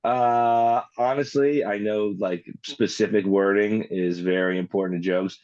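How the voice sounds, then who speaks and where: A man's voice: fairly low pitch, fairly even intonation, a little slow, a little mellow, no room sound, lo-fi sound. A man co-hosting a podcast, teasing his partner in casual banter with sarcastic, profane jabs. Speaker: podcast co-host.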